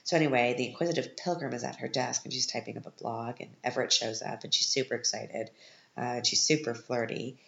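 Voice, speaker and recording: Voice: mid-range voice, steady tone, brisk, vocal fry, fairly bright tone, reverberant, muffled recording. A podcast host giving a casual, sarcastic recap of a film, sounding exasperated with it.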